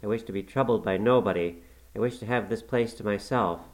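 A man's voice: fairly low pitch, a little fast, natural voice, low-quality recording. Brooding curt master, read by a man. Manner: terse, dismissive. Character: brooding, curt middle-aged master of the house.

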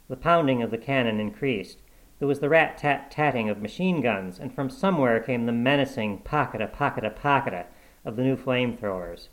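A man's voice: medium pitch, low-quality recording. Man reading a story steadily. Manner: steady, measured narration. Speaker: narrator.

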